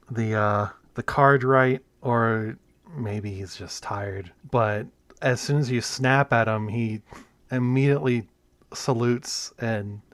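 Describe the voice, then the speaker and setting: Guy running a tabletop game, slow and hesitant, dry close sound. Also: mid-range voice, no room sound. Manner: slow, hesitant narration with many restarts. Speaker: game master.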